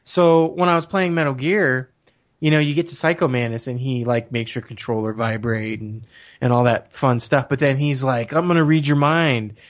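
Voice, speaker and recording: A man's voice: medium pitch, normal speed. A man telling long nostalgic stories in casual chat, rambling and laughing often.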